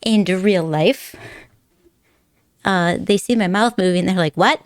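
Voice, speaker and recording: Speaking slowly, a woman streamer meanders through a relaxed conversation with her audience, laughing often and teasing them in fun. Her fairly low voice is recorded close and dry, with no room echo.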